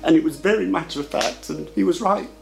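A man recounting a personal memory in halting, emotional storytelling, with frequent restarts. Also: a little high, gravelly, music in the background, poor audio. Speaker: interviewee. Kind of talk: personal recollection.

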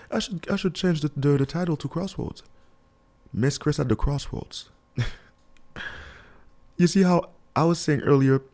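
Young guy hosting a radio advice show, warm mellow voice, preachy and pumped up, laughs a lot. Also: mid-range voice. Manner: emphatic, preachy and motivational, chuckling often. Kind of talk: casual advice talk on radio.

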